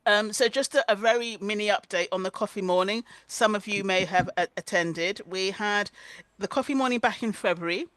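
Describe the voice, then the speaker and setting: A woman's voice: medium pitch, brisk, few pauses, fairly bright tone, dry recording. A woman hosting an online conference over a video call, chatty and prone to fits of laughter. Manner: giggly, keeps breaking into laughter. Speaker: conference host. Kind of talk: casual online presentation.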